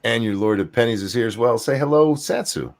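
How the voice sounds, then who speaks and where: An older man hosting a casual podcast chat, relaxed and rambling with fillers. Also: mid-range voice, brisk. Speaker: host.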